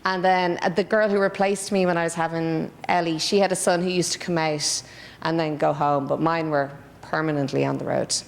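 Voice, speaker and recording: A woman's voice: deep voice, steady tone, fairly quick, creaky, big-room sound. An Irish woman in her forties, chatting through rambling anecdotes in a casual interview. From Ireland. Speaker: interviewee, former stage dancer.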